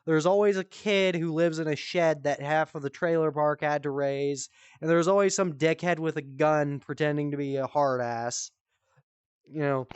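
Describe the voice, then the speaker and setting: Smooth-voiced young man telling crude stories. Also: fairly high pitch, dry recording, lo-fi sound. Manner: profane, rambling, laughs at his own stories. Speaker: streamer comedian. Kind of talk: casual comedic storytelling. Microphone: headset.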